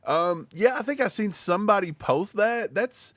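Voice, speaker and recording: A man co-hosting a live fan stream in an easygoing, teasing way. His voice sits slightly high and moves through a wide pitch range. The sound is close and dry. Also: animated, moderate pace, fairly bright tone, no room sound. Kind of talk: casual live-stream chat.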